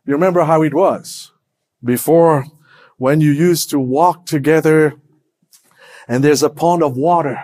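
High-voiced, slow-preaching male pastor. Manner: preaches with call-and-response questions to the congregation; swings between hushed low lines and raised emphatic ones. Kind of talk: sermon.

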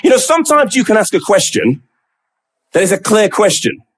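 High-voiced guy preaching, acts out the prophet's pleas, goes low and slow on key words. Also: very animated, breathy edge. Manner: dramatic, acts out the prophet's pleading questions. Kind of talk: sermon.

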